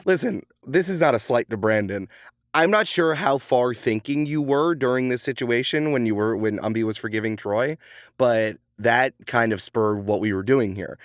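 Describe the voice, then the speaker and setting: Laid-back guy, game master, mid-pitched dry voice, chuckles a lot. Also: normal speed, no echo. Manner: easygoing, laughs often. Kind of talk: casual chat.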